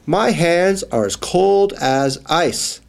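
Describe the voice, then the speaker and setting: A man voicing two small, cute, excitable mice in a children's storybook reading, with squeaky, excited exclamations. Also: slow pace, gravelly, heavily acted.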